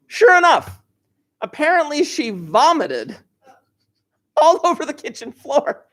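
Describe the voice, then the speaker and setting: A man's voice: very high voice, sing-song, unhurried, pauses often, fairly bright tone. A man teaching an algebra class over a livestream from his classroom desk, joking and teasing his students and chuckling often. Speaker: high school algebra teacher.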